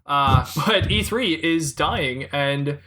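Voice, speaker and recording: A man co-hosting a casual pop-culture podcast, talking in an animated, rambling way with frequent laughs. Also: fairly high pitch, slow. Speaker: podcast co-host.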